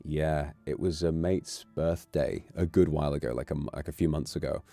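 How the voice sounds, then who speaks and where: A man's voice: very deep voice, moderate pace, no room sound, soft background music. A man with an English accent, chatting casually and jokingly on his stream. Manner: rambling, joking, animated. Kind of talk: casual chat.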